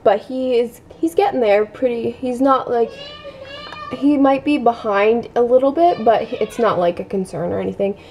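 Young woman, casual home vlog, rambling chatty delivery, slightly high voice, faint hiss behind. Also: moderate pace, darkish tone. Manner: rambling, many fillers, drops to a whisper at times. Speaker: family vlogger.

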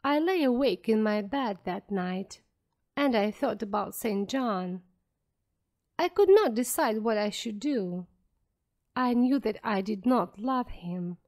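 Slow clear woman reading a story. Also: medium pitch, expressive, darkish tone. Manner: clear, careful and deliberate. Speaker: audiobook narrator. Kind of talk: slow graded-reader narration for learners.

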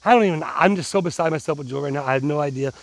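A man's voice: fairly high pitch, rapid-fire, gravelly. A middle-aged man vlogging casually to his viewers, rambling and restarting, pumped up on adrenaline. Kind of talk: casual vlog talk to viewers.

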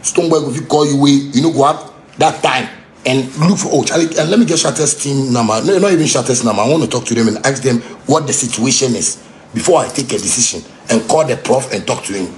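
A man with a Ghanaian Pidgin English accent ranting angrily, heated and repetitive, sometimes shouting. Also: mid-range voice, fast, a little hiss or hum. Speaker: musician ranting on a livestream. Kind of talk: angry unscripted rant.

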